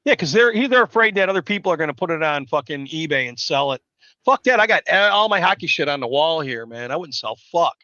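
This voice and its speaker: A man rambles through a live stream, loud and foul-mouthed. His voice is forceful and a bit high, and the sound is dull and dry, like a lo-fi mic. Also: expressive, a little fast, no room sound. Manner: loud, rambling, swears constantly. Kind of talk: profane casual storytelling chat.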